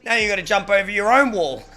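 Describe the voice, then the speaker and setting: With a high-pitched, pushed, bright voice, an Australian streamer chats casually with viewers, dropping the occasional swear word and thanking them for subs.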